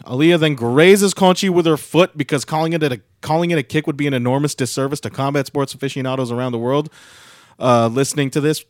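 A man's voice: on the high side, no room sound, clean studio sound. A young man co-hosting a casual podcast, recapping a show in a rambling, filler-heavy way with sarcastic asides. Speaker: podcast co-host recapping wrestling. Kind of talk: casual chat.

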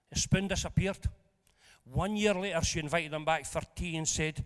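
A man preaches with a high, bright voice, telling stories with humour. He swings from loud, lively bursts down to quiet asides. His voice rings with the long echo of a church hall. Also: moderate pace, smooth. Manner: animated, jokey storyteller who swings between loud and hushed. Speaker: pastor. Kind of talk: storytelling sermon.

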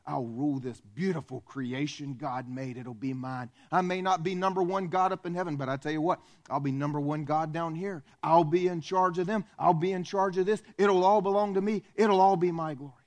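A man's voice: on the high side, fairly even intonation, brisk, few pauses, a little mellow, dull audio, natural voice. A man voicing Satan as a proud, seething fallen angel, muttering bitter and boastful lines in a dramatized sermon. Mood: boastful vow.

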